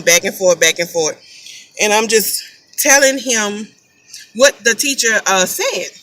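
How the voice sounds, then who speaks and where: A woman's voice: medium pitch, sharp tone, slight background noise, low-quality recording. A mother casually telling a story to camera, chatty and emphatic, repeating phrases for weight.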